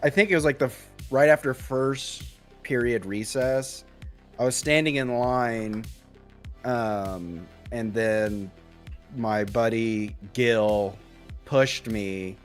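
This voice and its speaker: A man's voice: mid-range voice, slow pace, faint music behind. A young man casually telling a childhood story on a podcast, rambling with many fillers and restarts. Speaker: podcast co-host.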